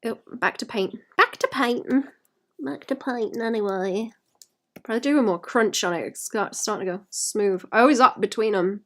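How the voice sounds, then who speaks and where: A woman's voice: a little high, normal speed, fairly bright tone. A woman artist talking to her stream chat while painting, sweary and self-mocking, often muttering and whispering to herself. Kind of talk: live-stream chat with viewers.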